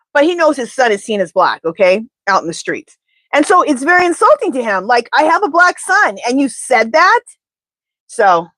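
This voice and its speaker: A woman's voice: on the high side, no room sound. A woman tarot reader in casual live-stream chat, rambling and talking straight to her viewers.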